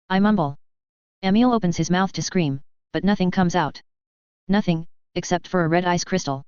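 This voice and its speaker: Clear, low-voiced woman narrating a story. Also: moderate pace, darkish tone, no room sound. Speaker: audiobook narrator. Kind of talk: scripted first-person narration. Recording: slightly dull, dry audio.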